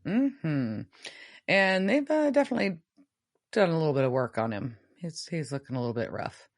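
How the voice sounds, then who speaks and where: Woman podcast co-host, low lively voice, chatty recapper. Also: moderate pace, no room sound, clean studio sound. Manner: chatty recapping with many fillers. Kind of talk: casual episode recap.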